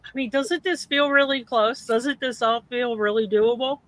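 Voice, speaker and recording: A woman's voice: on the high side, normal speed, dry recording. A woman hosting a casual livestream over a video call, chatty and upbeat, asking lots of questions. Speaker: host.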